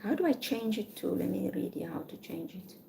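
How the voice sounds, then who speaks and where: A woman's voice: medium pitch, expressive, fairly quick, vocal fry, noisy background. Blunt woman livestreaming. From South Africa. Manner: blunt, irritated, talks to herself while checking messages. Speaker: livestream host. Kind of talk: casual livestream talk. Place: home room in Malaysia.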